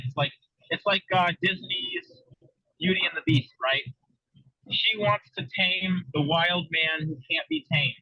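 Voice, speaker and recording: A man hosting a casual podcast chat, telling a story in a loose, rambling way. His voice sits a little high and sounds dry and close. The recording is dull and lo-fi. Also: bright, forceful tone, breathy edge, dry recording. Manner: loose, storytelling, many fillers. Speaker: podcast host.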